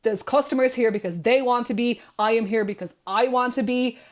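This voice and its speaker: A woman's voice: a little high, brisk. This is a young woman with an Irish accent, speaking as a guest on a chat podcast. She talks in a casual, conversational way. She tells her stories with animation and slips into quoted voices as she goes. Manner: animated storytelling, quoting herself and others.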